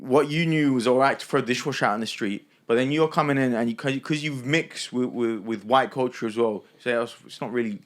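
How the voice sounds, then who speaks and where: A man's voice: medium pitch, brisk, few pauses. A man, a podcast co-host in casual discussion, laid-back and saying "bro.". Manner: laid-back, lots of murmured agreement, calls people bro.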